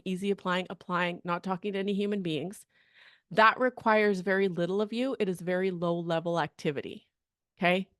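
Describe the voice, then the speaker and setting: A woman career coach talking in a podcast monologue, energetic and chatty, often asking "okay?" and "right?". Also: mid-range voice, dry recording, clean studio sound. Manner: energetic, chatty, acts out quoted people, frequent "okay?" and "right?".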